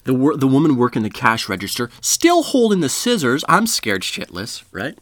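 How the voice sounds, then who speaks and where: A man's voice: mid-range voice, wildly swooping pitch, normal speed, fairly bright tone, no room sound. A man telling a comedic story in a rambling, profane way, laughing at his own jokes.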